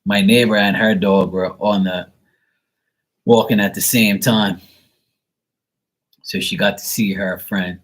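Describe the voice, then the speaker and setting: A tarot reader on a live stream tells family stories in a blunt, profane, rambling way during a casual chat. His voice is on the low side and steady in tone, with slow delivery and long pauses.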